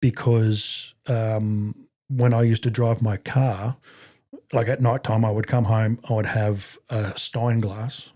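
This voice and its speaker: A middle-aged Australian man telling his story as a podcast guest in a halting way, with many restarts and fillers and blunt swearing. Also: fairly low pitch, little pitch movement, warm tone. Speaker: podcast guest, army veteran. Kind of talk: casual conversational storytelling.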